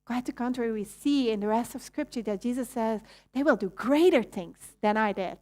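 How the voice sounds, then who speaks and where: Woman preacher, Belgian Dutch accent, a bit high-pitched, conversational and questioning. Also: darkish tone. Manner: conversational, asks the audience questions; restarts and self-corrections. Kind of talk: sermon.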